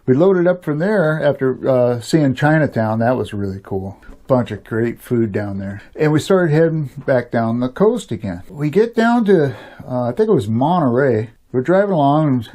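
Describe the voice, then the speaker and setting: Older man, mellow, rambling storyteller. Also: mid-range voice, lively intonation, normal speed. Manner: rambling, chuckles often, many "you know" fillers. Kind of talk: casual spoken storytelling.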